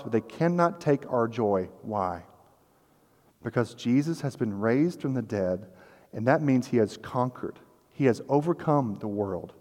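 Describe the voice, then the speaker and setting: A pastor with a medium-pitched, slightly mellow voice preaches earnestly, keeping things conversational and at times acting out the voices in his story. The recording, made in a church sanctuary, carries long hall reverb.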